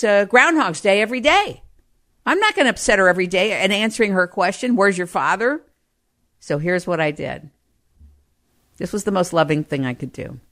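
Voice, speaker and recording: A middle-aged woman telling personal stories, growing more animated as she goes. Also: mid-range voice. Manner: animated, grows livelier and louder as she tells anecdotes. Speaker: storyteller. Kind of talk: personal storytelling.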